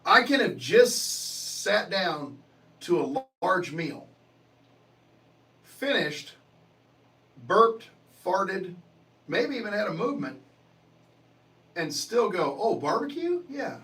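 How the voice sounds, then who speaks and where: A man's voice: sits high, big pitch swings, takes it slowly, pauses often, fairly bright tone, recorded from a distance, low-quality recording. A man hosting a livestream, chatting casually and answering viewer comments in a profane, joking way. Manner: profane, joking, laughs often. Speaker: livestream host.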